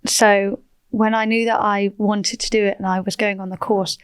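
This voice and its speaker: A woman, chatting as a podcast guest, animated and quick to laugh. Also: mid-range voice, clean tone, dry recording. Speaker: podcast guest, property entrepreneur. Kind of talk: casual interview chat.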